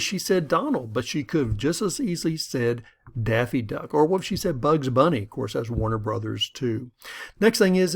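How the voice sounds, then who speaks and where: A middle-aged man teaching a lesson in a conversational storytelling way, sometimes acting out the people in his stories. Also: fairly high pitch. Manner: conversational, storytelling, acts out quoted voices. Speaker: instructor. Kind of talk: lecture with an acted-out story.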